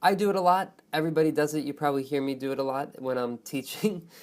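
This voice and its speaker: Expressive man teaching a speaking lesson. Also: fairly high pitch, fast talker. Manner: expressive, stretches key words for emphasis; friendly, often checks in with "right?" and "okay?". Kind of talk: online lesson on test speaking.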